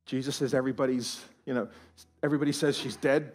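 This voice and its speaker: A man, a pastor, preaching a sermon in a church, animated and swinging from hushed tones to loud emphasis. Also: mid-range voice, quick pace. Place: church auditorium.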